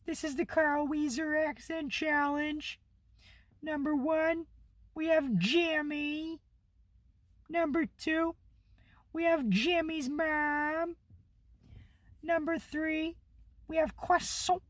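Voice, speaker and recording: A squeaky, wheezy cartoon boy voice. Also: fairly even intonation, slow, long pauses, fairly bright tone, no echo. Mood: announcing.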